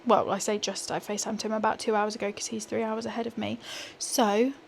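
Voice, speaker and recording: Brisk and creaky, with a medium pitch and flat delivery, a young pregnant British woman chats to a small handheld gimbal camera for her vlog. She moves between home and walks outdoors, adding self-deprecating asides, with slight background noise.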